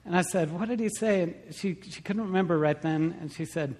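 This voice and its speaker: Man, pastor, earnest sermon story, slightly high voice, long hall reverb. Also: brisk, darkish tone. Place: large church hall.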